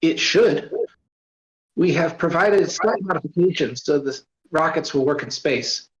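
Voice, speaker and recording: A giggly, upbeat young alien woman, voiced by a male storyteller lifting his voice. She chats brightly and eagerly about strange things. The sound is roomy and a little muffled. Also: on the high side, a little slow, voice pushed up, natural voice. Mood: cheerful. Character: cheerful, playful young female alien. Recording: roomy, dull voice-chat audio.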